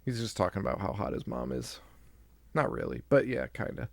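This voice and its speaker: A man's voice: lowish voice, sing-song, fairly quick, creaky, no echo, studio quality. A man co-hosting a horror podcast, recapping a movie in casual chat, joking, laughing often and acting out lines. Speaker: podcast co-host.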